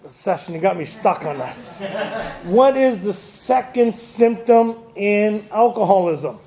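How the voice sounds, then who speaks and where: A man's voice: sits high, expressive, unhurried, warm tone. A man leading a recovery group through a book study, quizzing the audience, joking and laughing as he goes. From Canada. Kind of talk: lively talk to a recovery group. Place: meeting room with audience.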